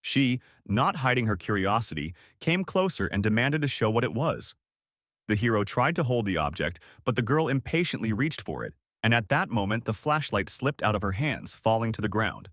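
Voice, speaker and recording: Man narrating a comic recap, lively pitch. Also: moderate pace, no echo, studio quality. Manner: steady storytelling read. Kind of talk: scripted narration.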